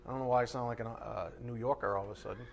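A man's voice: mid-range voice, racing, creaky, background noise. A man preaching a sermon who teaches from a board and slips into mocking voices for his asides. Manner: animated, mimics voices in asides. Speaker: pastor. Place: church or teaching room with a board.

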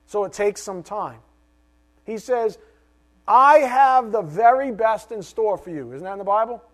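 A middle-aged male pastor preaching a sermon, animated, with rhetorical questions and joking asides. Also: high voice, a little slow.

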